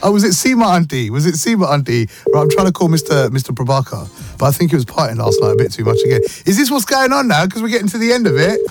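Chatty radio host over music. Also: male voice, a little high, fast talker. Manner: chatty, joking, animated banter. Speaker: radio breakfast show host. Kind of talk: casual radio chat. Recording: music bed behind the voice.

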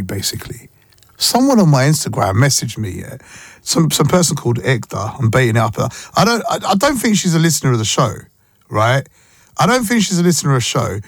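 A man's voice: medium pitch, very animated, brisk, breathy edge, no echo, clean studio sound. A young man, chatting casually as a radio host and telling stories in a slangy way. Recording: music bed behind voice.

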